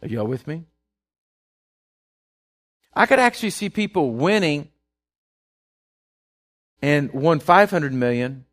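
A man's voice: fairly high pitch, lively intonation, slow, long pauses. A man preaching a sermon, often asking if his listeners follow and repeating words as he restarts. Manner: keeps asking the congregation if they follow; acts out worried people in a hushed voice.

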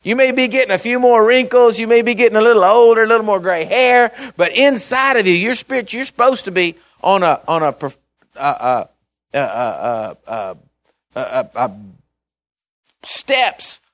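A man with a notably high voice preaches a conversational sermon, reading scripture between stories. He speaks earnestly in short bursts, restarting phrases and checking that the congregation is following him. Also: moderate pace, a bit bright.

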